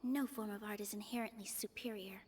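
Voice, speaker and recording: A woman reading game dialogue aloud in an earnest, steady way. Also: mid-range voice, brisk, a little hiss or hum.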